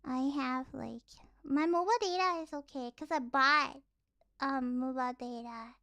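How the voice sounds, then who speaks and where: A woman's voice: high voice, moderate pace, bright, forceful tone. A young woman streaming casually, rambling and giggly, with lots of fillers. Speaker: virtual streamer. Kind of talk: casual livestream chat.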